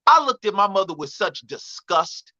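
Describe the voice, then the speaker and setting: A man telling a comic story on a radio talk show, animated and emphatic, repeating his denials. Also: high-pitched, moderate pace, dry recording, lo-fi sound. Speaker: comedian guest. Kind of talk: storytelling stand-up chat.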